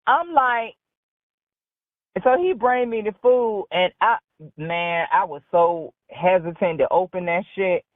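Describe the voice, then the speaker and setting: A woman with a lowish voice calls in to a talk show and slowly tells a rambling story, bluntly and with heavy profanity. The call comes through a dry, tinny phone line.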